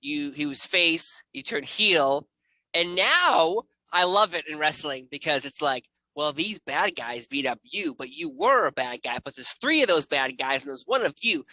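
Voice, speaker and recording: A man co-hosting a casual chat show, ranting in an excitable, animated way with jokey voices. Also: fairly high pitch, moderate pace, no room sound. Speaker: podcast host.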